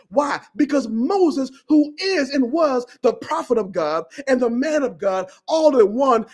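A man preaches a fiery sermon in a strikingly high, husky voice. He is impassioned, shouts at times and breaks into tongues. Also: expressive, normal speed, hardly any pauses.

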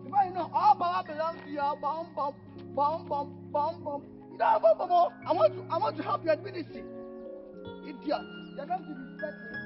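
A man's voice: very high-pitched, animated, a little fast. A man with a Nigerian accent playing a cheeky young man who chases a woman, teasing and boastful with frequent laughter. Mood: mocking. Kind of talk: Nollywood film acting. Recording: dull lo-fi audio with faint music.

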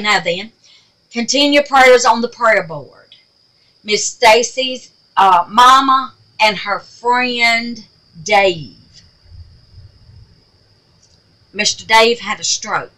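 An older woman with a drawl chats loosely through her crafting video, calling everyone honey and baby. Her voice is bright and clear at an everyday middle pitch. She wanders off topic and laughs at her own forgetfulness. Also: poor audio. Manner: affectionate, calls viewers baby and darling; rambling and self-teasing about forgetting. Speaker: crafting channel host. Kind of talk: casual chat to viewers.

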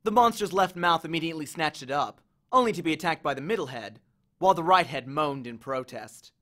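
Lively male storyteller reading aloud. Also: a little high, fairly quick. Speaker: audiobook reader.

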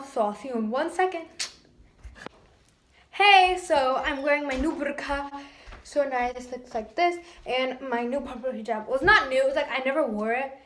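A woman's voice: high-pitched, fairly bright tone. A teenage girl chatting casually in a vlog on a handheld phone, bubbly and slangy. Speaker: vlogger. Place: home and stores, filmed on the go.

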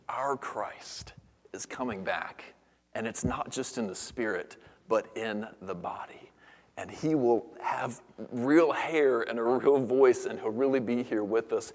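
A pastor in his thirties preaches a sermon earnestly, moving between hushed near-whispers and lively storytelling. His voice is fairly low, and the recording carries the long reverb of a church hall.

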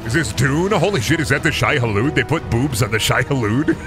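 A man streaming a video game, talking crudely and excitably and laughing often. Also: medium pitch, normal speed. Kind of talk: casual gameplay commentary. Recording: music playing behind the voice.

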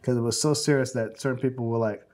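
Animated, rambling man in his forties. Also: mid-range voice, fast talker. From South Central Los Angeles, USA. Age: 40s. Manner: animated storyteller, acts out quotes, many fillers. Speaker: film director interviewee. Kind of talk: oral history interview, anecdotal storytelling.

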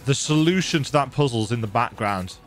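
A man's voice: mid-range voice, lively intonation, a little fast. A man casually commenting while playing a game, muttering asides and joking to himself. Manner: playful, muttering asides and mock voices. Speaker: gaming channel host. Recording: faint game music behind.

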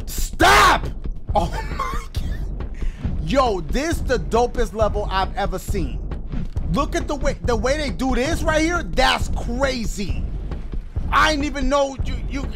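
A man giving excited gameplay commentary, talking to his audience and yelping and shouting often. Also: extremely high pitch. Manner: loud, yelps and shouts often; talks to the audience as "guys". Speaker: gaming channel host.

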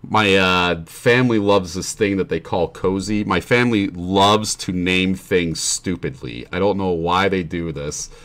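A man's voice: deep voice, measured pace, few pauses, fairly bright tone. A young man streaming while he plays a game, chatting in a rambling, profane and sarcastic way. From New Jersey family. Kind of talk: casual chat while gaming.

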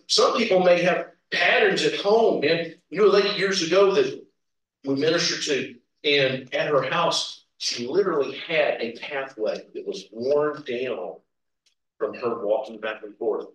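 A folksy man from Kentucky, USA, preaches in a slightly high, somewhat bright voice, telling personal stories in an informal sermon. He chuckles and calls out amens from the church sanctuary. The sound is echoey, captured by a distant mic in the church hall.

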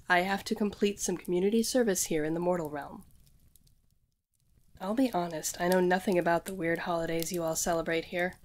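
A woman's voice: lowish voice, lightly acted. A woman voicing a young, earnest witch in training who rambles and talks straight to the listener in an audio role-play. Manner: rambling, addresses the listener directly.

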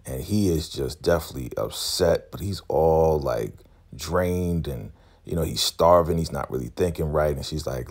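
A man casually recapping a TV episode, talking in an animated, storytelling way. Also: extremely low pitch, moderate pace, breathy edge. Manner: animated storytelling, acting out scenes. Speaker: TV recap vlogger.

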